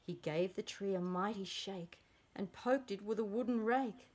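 A woman reads a children's picture book aloud in an unhurried, deliberate way. Her telling is expressive, and she lifts her voice to play the characters. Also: medium pitch. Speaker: preschool storybook reader.

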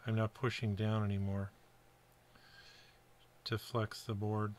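A man's voice: on the low side, little pitch movement, slow, a little hiss or hum. A middle-aged man from the Buffalo, New York area, narrating his kit build in a chatty, rambling way with fillers. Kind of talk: casual workbench narration.

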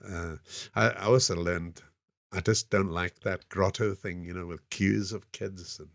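Older South African man, very low voice. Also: steady tone, unhurried, gravelly, a bit bright, no room sound, clean studio sound. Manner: rambling, frequent "you know" fillers. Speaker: podcast guest. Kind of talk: casual anecdotal storytelling.

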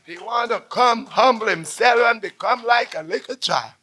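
A man preaching a call-and-response sermon, swinging from shouts to near-whispers as he tells stories. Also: high-pitched, normal speed.

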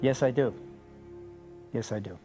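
A man telling rough, rambling, profane stories in a casual interview. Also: medium pitch, measured pace, low-quality recording. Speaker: interviewee, film extra. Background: background music.

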